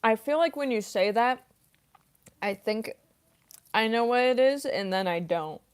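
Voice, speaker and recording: A woman's voice: a little high, unhurried, clean tone. A young woman voice actress chatting casually on a livestream, reading chat aloud with lots of ums and likes while snacking on chips. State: eating chips while talking.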